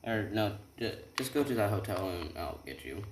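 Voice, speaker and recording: A man's voice: lowish voice, sing-song, moderate pace, echoey room, slight background noise. A young man voicing a blunt, offhand young female adventurer in an improvised story. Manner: offhand, matter-of-fact.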